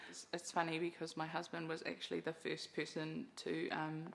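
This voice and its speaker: Brief: young New Zealand woman, frank and casual interviewee, lowish voice with fry. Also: completely flat delivery, normal speed. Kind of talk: documentary interview.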